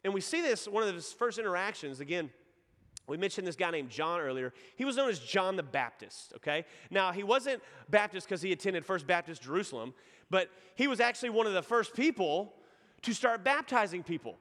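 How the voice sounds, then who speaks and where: High-voiced Texan preacher in a reverberant hall. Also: male voice, lively intonation, brisk, a bit bright. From East Texas. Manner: casual storytelling, joking with the congregation. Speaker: pastor. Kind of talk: sermon.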